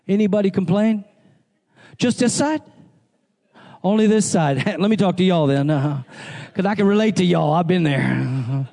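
Man, pastor, high voice, lively sermon, call-and-response, rising to shouts. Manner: call-and-response preaching with jokey asides; builds to shouting. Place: church service.

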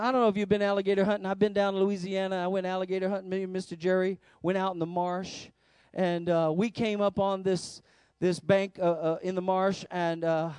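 A man preaching a sermon as the pastor of a church service, emphatic, swinging between loud declarations and hushed lines. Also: sits high, clean tone, no echo. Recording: faint music behind.

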